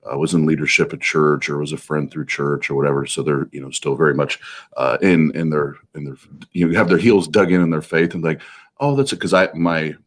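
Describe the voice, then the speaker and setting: A middle-aged man in casual talk-show chat, speaking haltingly with many restarts. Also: a bass voice, steady tone.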